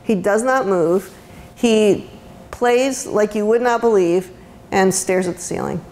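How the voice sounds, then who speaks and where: A woman's voice: mid-range voice, slow, darkish tone. A woman giving a conversational lecture as an autism educator, with frequent ums and restarts. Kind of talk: university lecture talk. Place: lecture room.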